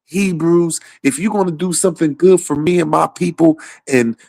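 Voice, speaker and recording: Man, casual political rant, profane, rambling, frequent laughter, slightly high voice, dry close sound. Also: moderate pace, creaky, mellow, dry recording.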